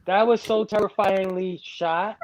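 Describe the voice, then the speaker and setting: A man's voice: sits high, steady tone, a little slow, no room sound. A man in a casual movie chat, emphatic as he retells scenes.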